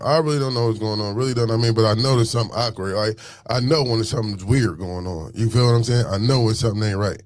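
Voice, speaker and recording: A man's voice: fairly low pitch, quick pace, hardly any pauses, no room sound. A man telling a story in a casual monologue, full of street slang, repeating phrases as he goes on a rant.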